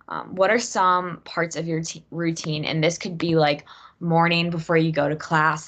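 A young woman hosting a casual group chat, asking questions in an upbeat, chatty way and laughing easily. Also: sits low. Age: young adult. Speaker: discussion host.

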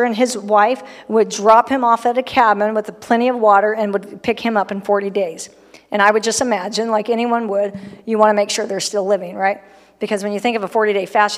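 A woman's voice: mid-range voice, in a large hall. A middle-aged woman preaching a sermon in a church, talking in a conversational, humorous way and acting out the people in her stories. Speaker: pastor. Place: church sanctuary.

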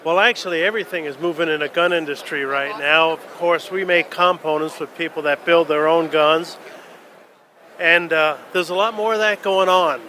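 A man's voice: a little high, fairly even intonation, moderate pace, sharp tone, a little hiss or hum. A man welcoming an interviewer to his company's trade show booth and explaining the products steadily. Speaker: company representative. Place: busy trade show floor.

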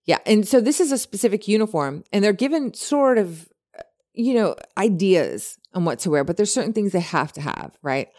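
A woman co-hosting a podcast, chatting casually and retelling a story with many animated quotes. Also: medium pitch, normal speed. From lived in California. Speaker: podcast co-host.

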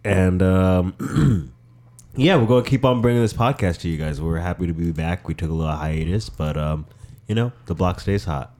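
A man co-hosting a podcast in casual chat, loud and joking, swearing a lot, bothered by a cat allergy. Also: sits low, normal speed. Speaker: podcast co-host.

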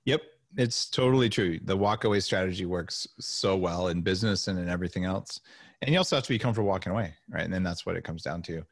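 A middle-aged man telling stories as a podcast guest, lively and acting out the voices of the people he quotes. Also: low voice, fast talker, dry recording, clean studio sound. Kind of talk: animated storytelling interview.

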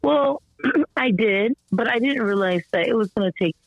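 A woman as a podcast guest telling a story about her son in a rambling, animated way, full of fillers and restarts, her voice slightly strained, as she acts out the people she quotes. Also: on the high side, moderate pace, no echo. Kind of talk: conversational storytelling interview. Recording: dull lo-fi dry sound.

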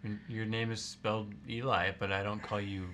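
A man's voice: on the low side, flat delivery, normal speed, background noise. An American man co-hosting a casual podcast, dropping wry, teasing one-liners. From United States. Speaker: podcast co-host. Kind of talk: casual chat.

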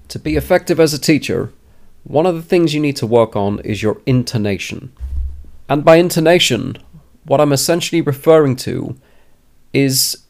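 Man, mid-pitched voice, teacher, advice talk, emphatic, plain-spoken, repeats points. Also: a little mellow. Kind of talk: direct advice talk to camera.

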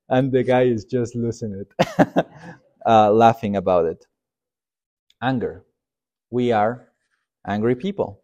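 A man in the middle pitch range teaches a Sunday school class. He talks informally, telling everyday stories and breaking into animated acted quotes to make his points.

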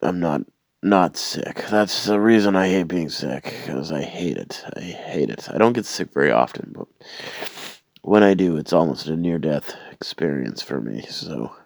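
A man's voice: a bass voice, expressive, a little slow, creaky, no echo. A man who has a cold, rambling and complaining in a sardonic way, stumbling over and repeating his words. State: sick with a cold or flu. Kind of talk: casual rambling rant to camera.

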